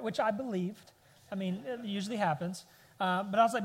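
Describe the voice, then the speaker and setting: A pastor in his thirties preaches a sermon in a high-pitched, brisk voice, under long hall reverb. He tells a family story punctuated by rising bursts of emphasis.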